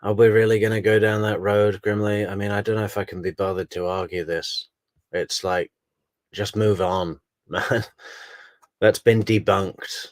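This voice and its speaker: A man's voice: on the low side, little pitch movement, moderate pace, dry recording. A man hosting a live stream, commenting on a trial in a casual, sarcastic and exasperated way and reading out viewer comments. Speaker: livestream host commenting on a trial.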